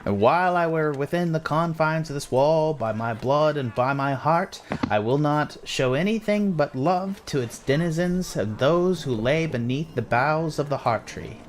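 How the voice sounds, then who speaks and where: A man voicing a stern male gate official who speaks formally and recites oaths in a slow, commanding way. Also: fairly high pitch, lively intonation, a little hiss or hum, voice pushed up. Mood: formal, brisk.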